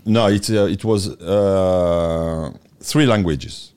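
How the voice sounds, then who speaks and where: Deep-voiced Frenchman, slow and halting. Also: a little mellow, clean tone. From France. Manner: halting, pauses with "uh". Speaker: guest, former footballer and actor. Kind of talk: interview answers.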